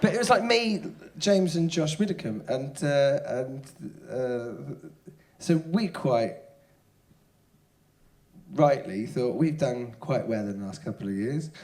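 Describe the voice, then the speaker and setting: A comedian guest telling a funny story in casual chat, often breaking into shouts and laughter as he acts out the people in it. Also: medium pitch, slow pace. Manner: lively storytelling, shouting out quoted hecklers, laughing. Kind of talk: casual anecdote. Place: stage before a live audience.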